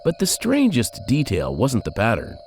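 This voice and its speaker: A man narrating a dark crime story in a scripted, dramatic, measured way. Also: huge pitch swings, slight background noise. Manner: dramatic, measured storytelling with sudden drops in pitch and loudness.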